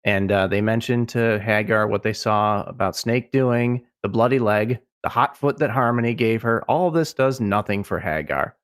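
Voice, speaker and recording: A man with a Midwestern accent hosting a casual podcast, recapping in a relaxed way with asides. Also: on the low side, moderate pace, hardly any pauses.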